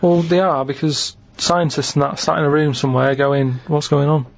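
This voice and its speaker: A man speaking in a deadpan, puzzled tone, with blunt questions in casual podcast chat. His voice sits a little high. The recording is dull and lo-fi. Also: normal speed, creaky. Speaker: co-host.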